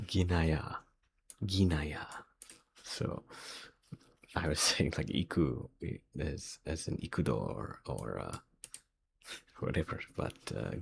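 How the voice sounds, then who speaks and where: Man, deep gravelly voice, slow and hesitant, muttering guesses, faint hiss behind. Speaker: quiz video host. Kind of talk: thinking aloud while solving a quiz.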